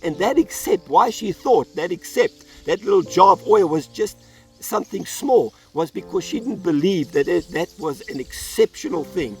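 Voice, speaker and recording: Man pastor, earnest sermon, gravelly high voice, a little distant, faint music behind. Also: animated, normal speed. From South Africa. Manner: earnest, storytelling, acts out quoted voices.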